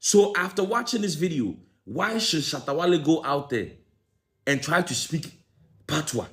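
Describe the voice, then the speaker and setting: A man's voice: on the high side, expressive, normal speed, a bit bright. A young man with a Ghanaian accent tinged with American, ranting in an opinion commentary full of rhetorical questions. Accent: Ghanaian with some American. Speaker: commentary vlogger.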